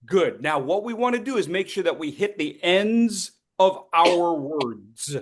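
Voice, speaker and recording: A man's voice: sits high, animated, measured pace, background noise. Upbeat male speaking coach on a video call. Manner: upbeat, coaching, drills repeat-after-me. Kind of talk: online voice workshop.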